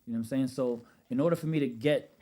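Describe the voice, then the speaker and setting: Podcast guest: Brooklyn man, New York accent, 30s, animated storyteller, slangy. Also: mid-range voice, fast. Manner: animated storyteller, street slang, frequent "you know what I'm saying". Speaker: podcast guest, rental business owner. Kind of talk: casual podcast conversation.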